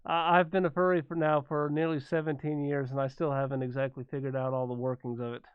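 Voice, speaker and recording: A man hosting a react video, making relaxed, agreeable remarks in casual chat. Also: mid-range voice, fast, clean tone, dry recording. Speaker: react channel host. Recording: tinny, dry lo-fi sound.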